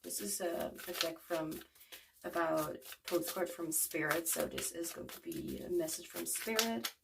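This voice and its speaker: A woman's voice: lowish voice, sing-song, unhurried, vocal fry, distant mic, background noise. A woman in her twenties giving a casual tarot reading to viewers, rambling with lots of fillers. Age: 20s. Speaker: tarot card reader.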